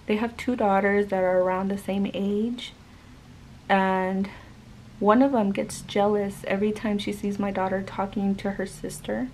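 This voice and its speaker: A woman's voice: mid-range voice, steady tone, unhurried, a little mellow, slight background noise, low-quality recording. A woman vlogger and mother telling a story in casual chat, rambling with many fillers.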